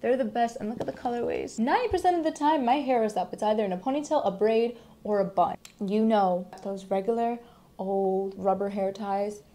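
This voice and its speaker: A young woman chats to her viewers, upbeat and enthusiastic. Her voice sits at an everyday middle pitch, and a faint hiss runs underneath. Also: brisk, dark tone. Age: young adult. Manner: chatty, enthusiastic, addresses viewers as guys. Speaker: vlogger. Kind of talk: casual beauty product talk to camera.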